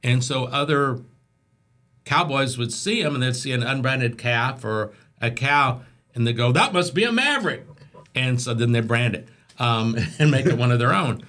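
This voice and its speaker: A man's voice: medium pitch, moderate pace. Chatty man telling a long anecdote. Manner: chatty, animated storyteller who acts out voices in anecdotes. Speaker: interview guest. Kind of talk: casual storytelling.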